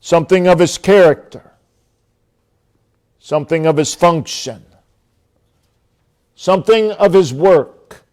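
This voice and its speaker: A man preaching a sermon as pastor, emphatic, with long dramatic pauses, dropping to a low quiet voice when quoting God.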